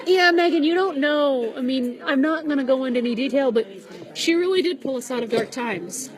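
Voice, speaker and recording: A woman with a high voice chats casually at a banquet. She is emotional and keeps laughing to hold back tears. A lively crowd murmurs all around her. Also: a little fast. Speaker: sound engineer at a banquet. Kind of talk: casual chat. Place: large banquet hall. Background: crowd chatter.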